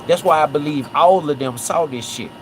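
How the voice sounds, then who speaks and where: Animated man on a livestream. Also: a little high, normal speed, noisy background. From Memphis. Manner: animated, repeats "right?" and "watch this". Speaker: livestream host. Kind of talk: casual livestream commentary.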